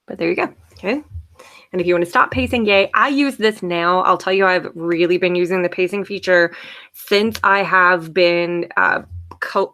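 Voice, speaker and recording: Woman teacher, low-leaning voice, casual and cheerful, webinar demo presenter. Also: a bit bright. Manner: chatty, upbeat, frequent "okay" and "yay". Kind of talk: casual live software demo.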